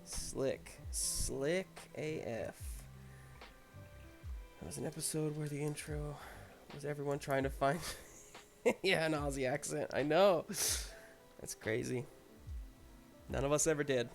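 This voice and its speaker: A man hosting a casual livestream, muttering quietly to himself as he concentrates on painting a miniature. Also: a little high, steady tone, normal speed, gravelly, long pauses, soft background music. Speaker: host.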